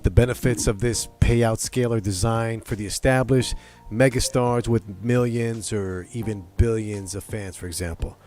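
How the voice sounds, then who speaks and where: A male host asking a guest questions, energetic and fond of citing facts and figures. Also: on the low side, normal speed, hardly any pauses, faint music behind. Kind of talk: interview questions.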